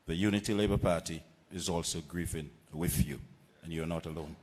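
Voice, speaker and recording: Deep-voiced Vincentian man at a rally. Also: in a large hall, background noise. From Saint Vincent and the Grenadines. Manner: measured oratory with deliberate pauses and repetitions. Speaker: political candidate. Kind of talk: political rally speech. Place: outdoor political rally platform.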